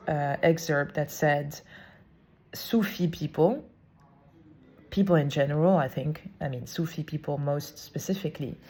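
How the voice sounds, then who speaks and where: A woman talks through a personal story on her podcast in casual, reflective monologue. Her voice sits low and sounds mellow and relaxed. She tells it expressively and now and then slips into fillers. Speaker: podcast host.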